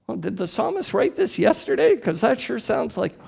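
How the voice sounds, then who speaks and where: A man, a priest preaching a sermon in church, slow and deliberate with emphatic rises. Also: sits high, big pitch swings, vocal fry, darkish tone.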